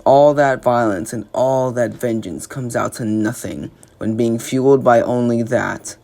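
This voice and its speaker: A man voicing a towering male alien warlord who talks in a slow, measured, lecturing way. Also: mid-range voice, vocal fry, darkish tone.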